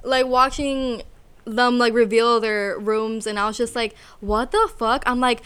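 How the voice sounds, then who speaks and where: A young woman chatting casually on a podcast, animated, swearing freely and laughing often. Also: fairly high pitch, measured pace, smooth. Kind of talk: casual chat.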